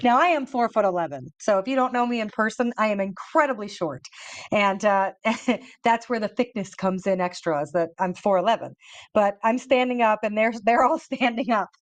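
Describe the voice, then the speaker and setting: A woman host telling a story in a casual, excited way, laughing often and repeating words as she goes. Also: mid-range voice, normal speed, no echo. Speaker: show host.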